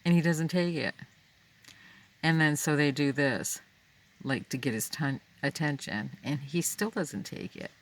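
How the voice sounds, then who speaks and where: A man telling a personal story aloud, unscripted, halting and full of fillers and restarts. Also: fairly high pitch.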